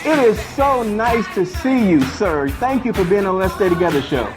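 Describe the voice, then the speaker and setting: A male host with a high voice introduces guests with showman-like flair. Music plays clearly beneath him. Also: lively intonation, moderate pace. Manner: effusive, showman-like. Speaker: talk show host. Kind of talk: enthusiastic show intro. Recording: music under the voice.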